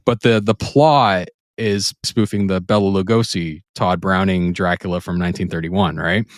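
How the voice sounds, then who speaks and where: A man with a fairly low voice talks through a comedy film he has just rewatched, animated and quick to laugh. He jumps into squeaky voices when quoting lines. The sound is close and dry, with no room around it. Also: no echo. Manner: enthusiastic, laughs often, acts out quoted lines in high voices. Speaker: podcast co-host. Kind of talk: casual film review chat.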